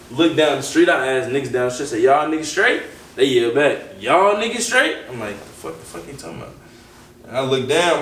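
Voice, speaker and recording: A young man with a Southern US accent, telling a story casually as an interview guest, animated and full of slang, acting out the quotes. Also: medium pitch, distant mic. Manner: animated, acts out quotes, heavy slang and profanity. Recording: roomy echo, off-mic, faint background noise.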